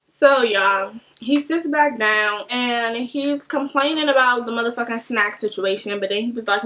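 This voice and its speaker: Young woman, high bright voice, animated storytime vlogger. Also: moderate pace. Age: young adult. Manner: animated, swearing, mimics voices. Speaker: beauty vlogger.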